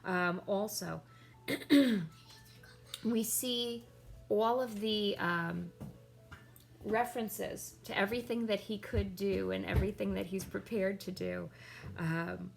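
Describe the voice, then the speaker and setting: Woman teacher, gravelly voice, explanatory lesson, keeps checking in with students. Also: medium pitch, fairly even intonation, slow, pauses often. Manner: explanatory, with checking questions like "right?" and "okay?".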